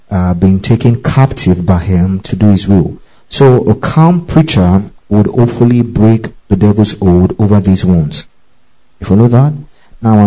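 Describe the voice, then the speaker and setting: A man's voice: lowish voice, mellow, low-quality recording. A man teaching from the Bible as a preacher, often checking in with his listeners and repeating key phrases.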